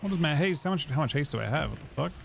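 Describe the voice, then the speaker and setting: Give me a gravelly young man casually streaming a game, swearing as he thinks aloud. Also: fairly high pitch, expressive, very fast, a little hiss or hum. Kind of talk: casual live-stream commentary.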